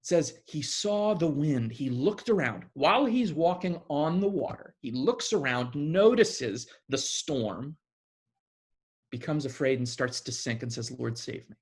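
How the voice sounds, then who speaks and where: Guy giving a sermon, kinda husky, chatty and animated, lots of restarts. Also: fairly high pitch, a little slow. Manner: conversational, restarts often, animated retelling. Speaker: preacher.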